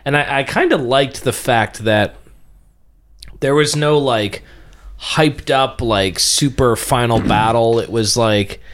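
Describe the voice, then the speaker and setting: A man's voice: mid-range voice, slow. A young man in casual podcast chat, easygoing and enthusiastic with many fillers.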